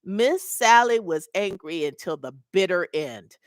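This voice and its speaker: A woman's voice: on the low side, expressive, a little slow, clear, resonant tone, dry recording, studio quality. A middle-aged woman and mobile notary mentor, telling a story casually to her webcam and acting out the voices of the people in it.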